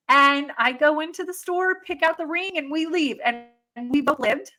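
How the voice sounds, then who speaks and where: A middle-aged woman co-hosting a podcast, telling wild travel stories with lively energy and frequent swearing, acting out voices as she goes. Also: sits high, moderate pace, few pauses. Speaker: podcast co-host. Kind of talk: animated storytelling.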